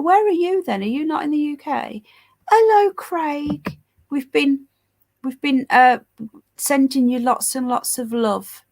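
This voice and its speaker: A woman talks through a livestream in a fairly high, nasal, congested voice, clearly stuffed up with a cold. She reads headlines and viewer comments in a casual, mocking way, dropping sarcastic asides to her audience. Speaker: livestream news host. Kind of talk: casual livestream chat, reading headlines and live chat.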